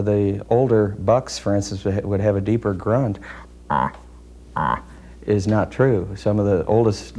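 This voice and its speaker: A man with a low, mellow voice, talking through how deer calls work. He sounds measured and technical and often pauses to search for the next word. It is an interview recorded outdoors. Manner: measured and technical, with frequent hesitations. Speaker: deer calling expert guest. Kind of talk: explanatory interview talk.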